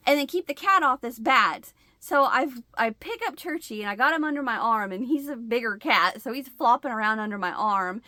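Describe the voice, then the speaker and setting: A woman hosting her own vlog, telling a story casually and acting out her own shouts and gasps. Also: a little high, no echo, studio quality. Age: adult with a husband. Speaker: channel host.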